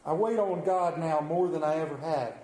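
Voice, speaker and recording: Speaking at a moderate pace, a middle-aged pastor fills a spacious sanctuary with his high, ringing voice. He preaches through folksy stories that poke fun at himself, his delivery swinging animatedly.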